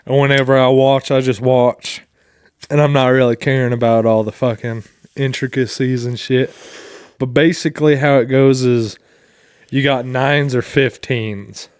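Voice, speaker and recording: A man co-hosting a casual podcast, telling loose, rambling stories packed with profanity. His voice is smooth and resonant, and the sound is dry and close. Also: medium pitch, fairly even intonation, a little slow, darkish tone, dry recording. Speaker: podcast co-host. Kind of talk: casual chat and storytelling.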